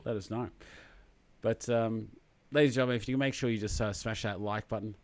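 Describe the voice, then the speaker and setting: A man's voice: lowish voice, fairly even intonation, a little fast, dry recording. A man hosting a casual livestream chat, laid-back and rambling, greeting viewers by name. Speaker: host.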